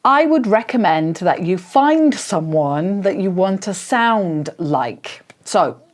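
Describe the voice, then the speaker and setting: Low-voiced English RP woman coaching. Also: expressive, slow. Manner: patient, explanatory, with frequent fillers. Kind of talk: casual spoken lesson.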